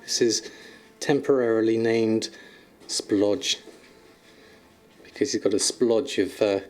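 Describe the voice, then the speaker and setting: A man's voice: lowish voice, fairly even intonation, takes it slowly, a little mellow, soft background music. A man streaming from home, chatting casually with viewers and cooing affectionately at his kittens, laughing often. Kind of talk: casual live-stream chat. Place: at home, indoors.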